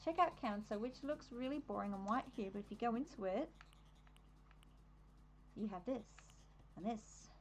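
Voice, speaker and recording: A woman's voice: on the high side, moderate pace, pauses often, low-quality recording. A young adult woman with an Australian accent, chatting casually on a live stream while decorating in a game, easily distracted and laughing often.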